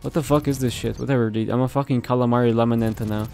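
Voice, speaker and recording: A young man talking over his gameplay in a mid-pitched voice, profane and excitable, cursing at nearly every turn. His reactions jump between loud outbursts and muttered complaints. Faint music plays underneath. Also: rapid-fire, gravelly. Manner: profane, excitable, swears constantly and reacts loudly. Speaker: gameplay commentator. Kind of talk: casual gameplay commentary.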